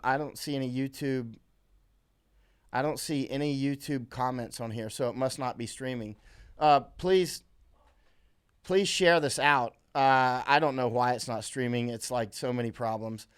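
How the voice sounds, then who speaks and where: This is an American man running his own live stream and talking straight into a computer mic. His casual talk rambles, full of fillers and restarts, as he answers viewer comments. His voice sits at an ordinary middle pitch. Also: measured pace, smooth. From USA.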